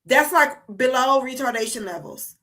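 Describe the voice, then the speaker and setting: A woman's voice: high-pitched, normal speed, bright, forceful tone. A woman from the United States hosting a livestream, delivering a profane, heated and emphatic casual rant. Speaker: streamer host.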